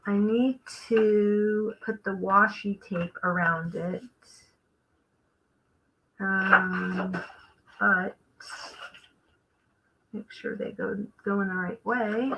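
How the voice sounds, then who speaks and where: A woman's voice: medium pitch, steady tone, drawn-out words, pauses often, muffled recording. A woman hosting a live crafting stream, chatting casually and thinking aloud as she works. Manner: chatty, thinks aloud while working, trails off. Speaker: craft livestream host.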